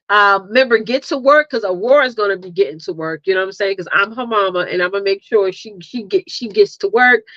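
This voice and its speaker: A woman's voice: medium pitch, no room sound. Chatty woman livestream host, dull dry sound. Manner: lively, chatty, laughs often, calls listeners honey and girl. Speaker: livestream host and marketing coach. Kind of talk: casual live chat.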